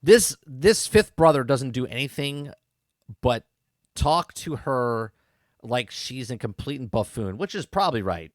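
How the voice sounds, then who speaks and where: A man's voice: mid-range voice, lively intonation, a little slow, no echo, clean studio sound. A man hosting a podcast, giving a rambling, exasperated spoken review that repeats its points and swears freely. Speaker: podcast host. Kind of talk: casual show review commentary.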